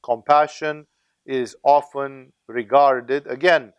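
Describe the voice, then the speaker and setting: A man's voice: medium pitch, steady tone, slow pace, clean tone, dry recording, lo-fi sound. A man teaching as a spiritual teacher, lecturing in a discursive, conversational way with frequent tag questions.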